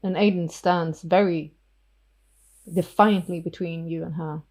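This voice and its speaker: A woman game master narrating a tabletop role-playing scene in a vivid, halting way. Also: on the low side, steady tone, darkish tone, low-quality recording.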